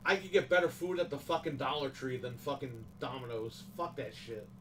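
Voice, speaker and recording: A man's voice: mid-range voice, fairly even intonation, brisk, a bit bright, recorded from a distance, slight background noise, rough recording. Profane ranting New man. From New York, USA. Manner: profane, ranting, emphatic complaints. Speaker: livestream host. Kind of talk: casual livestream chat.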